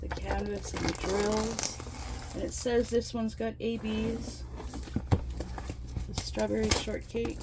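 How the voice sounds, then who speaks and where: A woman chatting casually while unboxing craft kits in her trailer home, gasping and gushing with excitement over each item. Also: a little high, slow, long pauses, very noisy. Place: inside her fifth-wheel trailer home.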